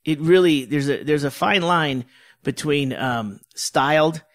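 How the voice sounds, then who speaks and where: A man's voice: a little high, unhurried. A man chatting on a podcast, self-deprecating and loose, often restarting his sentences. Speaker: podcast co-host. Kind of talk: casual chat.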